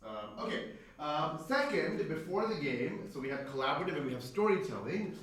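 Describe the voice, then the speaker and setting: A man's voice: on the high side, very animated, fairly quick, fairly bright tone. A man giving a chatty talk to game masters, tagging lines with "right?" and acting out quotes. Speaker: presenter. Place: event space. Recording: echoey hall, voice from far off, faint room noise.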